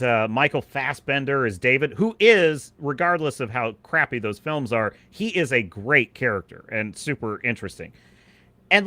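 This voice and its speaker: A man hosts a live stream, chatting to his viewers in an excitable rant that keeps breaking into laughs. His voice runs fairly high and swoops a lot, with a bright, forceful edge. The sound is dry and close. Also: dry recording. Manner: animated, laughing, reads chat aloud. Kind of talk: ranting live stream chat.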